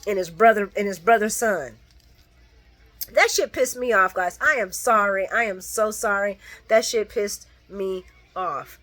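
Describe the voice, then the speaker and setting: Woman soap recapper, chatty and animated, swears freely, talks to her fans. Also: medium pitch. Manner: animated, profane, talks to viewers; quoting characters mid-story. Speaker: soap opera recap vlogger. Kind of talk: casual recap chat.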